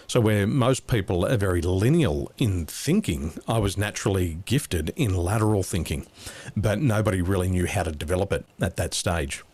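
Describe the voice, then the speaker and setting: A middle-aged man with an Australian accent, a business coach telling stories in a relaxed, anecdotal way as an interview guest. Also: sits low. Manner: relaxed, anecdotal, chuckles at his own jokes. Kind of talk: interview storytelling.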